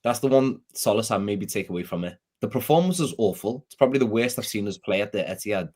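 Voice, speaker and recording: Rambling Scouse man with a low voice. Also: expressive, quick pace, darkish tone. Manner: rambling, rueful, self-deprecating. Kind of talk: casual football fan chat.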